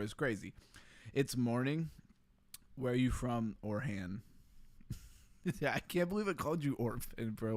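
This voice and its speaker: A man of middle pitch hosts a relaxed livestream. He laughs a lot and reads comments from his chat out loud. His voice sounds close and dry, with no room around it. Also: no room sound. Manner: laughing often, reading chat aloud. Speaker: livestream host.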